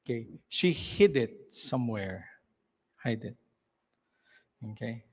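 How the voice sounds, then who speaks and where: A man's voice: medium pitch, very animated, slow, darkish tone. A man narrating a live church skit and coaching volunteers on stage, with a frequent "okay". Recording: echoey hall reverb.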